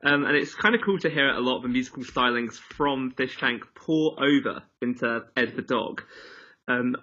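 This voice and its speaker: A man's voice: mid-range voice, moderate pace, pushed and bright. A man hosting a radio show, interviewing a guest casually over a video call, easygoing and full of "like". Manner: easygoing, says "like" often. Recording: slightly dull call audio.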